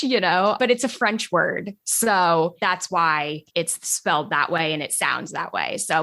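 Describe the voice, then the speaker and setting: A woman's voice: mid-range voice, fairly bright tone. Chatty, giggly American woman guest. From New York State, US. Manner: giggly, chatty, heavy use of "like". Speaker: podcast guest, singer-songwriter. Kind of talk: casual conversational interview.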